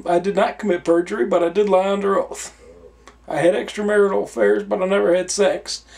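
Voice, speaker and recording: A man's voice: sits high, little pitch movement, a little fast, creaky, darkish tone, pitched above the performer's own voice. A man voicing a pompous male former president who declaims his excuses in a raised voice.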